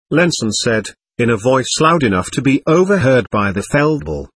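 A man narrating a war novel in the first person, in expressive, measured storytelling. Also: mid-range voice, breathy edge, dry recording. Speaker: audiobook narrator.

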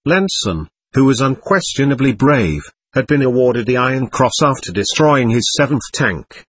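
A man's voice: medium pitch, sing-song, moderate pace, husky, dry recording. A man narrating an audiobook in the first person, reading with expression.

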